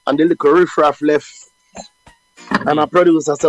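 A man with a Jamaican accent, a reggae deejay telling stories in an interview, lively and acting out voices. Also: high-pitched, moderate pace, dull audio, faint music behind. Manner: animated, acts out quoted voices. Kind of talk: storytelling interview.

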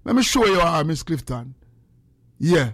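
A man's voice: fairly high pitch, sing-song, measured pace, a bit bright, no echo, studio quality. A man with a Jamaican accent hosting a casual livestream, greeting viewers by name and teasing them playfully. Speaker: livestream host.

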